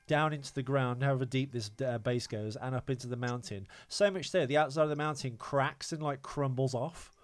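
A man's voice: mid-range voice, fairly quick, few pauses, smooth. Rambling, hesitant man. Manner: rambling, hesitant, lots of fillers. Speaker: podcast host. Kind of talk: casual chat.

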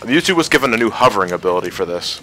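A man's voice: on the low side, very animated, racing, sharp tone. A man giving wry, laughing commentary on a fighting game and explaining its changes. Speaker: gaming channel co-host. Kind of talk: casual let's-play commentary.

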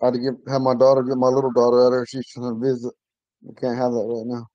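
A man teaching an online language class from his home, patiently repeating words slowly for learners. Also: mid-range voice, completely flat delivery, dry recording, dull audio.

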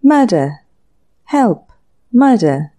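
A woman's voice: mid-range voice, sing-song, very slow, warm tone, heavily acted. A woman narrator voicing an earnest young man who is flustered but insists on what he heard, in a storybook reading. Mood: insistent, flustered. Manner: insistent, apologetic.

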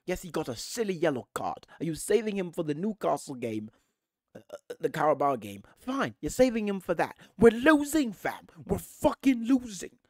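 A man's voice: on the high side, a little fast, no echo, clean studio sound. A man hosting a football fan channel, delivering an angry, profane rant straight to camera. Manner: furious, profane, animated ranting.

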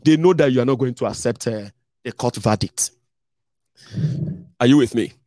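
A man's voice: medium pitch, moderate pace, warm tone, no room sound, clean studio sound. A young adult man with a Nigerian accent, giving a blunt, mocking political commentary to his viewers. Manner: blunt, mocking, mimics others in a raised voice. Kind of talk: casual monologue to viewers.

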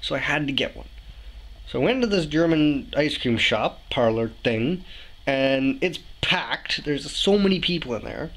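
Young man, slightly high voice, casual vlog rant to camera. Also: unhurried, rough recording. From Canada. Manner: animated, ranting, exasperated asides. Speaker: vlogger. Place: indoors, room with a window. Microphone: camera mic, talking to camera.

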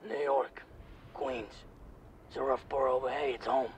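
An actor playing an excitable teenage boy superhero, chattering eagerly in film audio with busy noise behind. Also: medium pitch, a little slow, lightly acted. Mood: playful. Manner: eager, rambling, breathless chatter.

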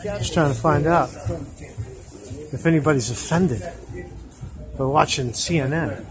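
A man's voice: a little high, measured pace. Chatty New man on a noisy street. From New York. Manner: rambling, lots of restarts and tag questions. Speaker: street interviewer. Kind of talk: casual street vlog. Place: busy city street outdoors.

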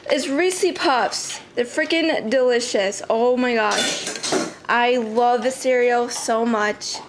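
A teenage girl with a high voice talks slowly to her camera in a casual vlog, swearing freely and yelling at her dogs in the yard. Outdoor ambience hums clearly behind her. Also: a little hiss or hum. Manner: excitable, swears a lot, yells at her dogs. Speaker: vlogger.

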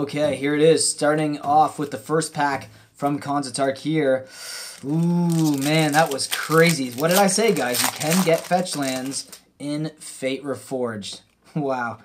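A young man hosting a casual card-opening video, talking straight to his viewers and getting excitable over what he pulls. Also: on the high side, measured pace. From Canada. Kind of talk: casual pack-opening commentary.

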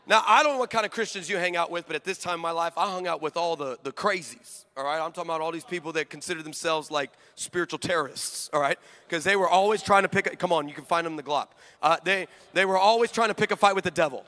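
A male preacher telling a comic story in a sermon, animated and joking, acting out both sides of conversations before a live congregation. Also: on the high side, fast talker, few pauses. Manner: animated, joking, acts out dialogue. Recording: long hall reverb.

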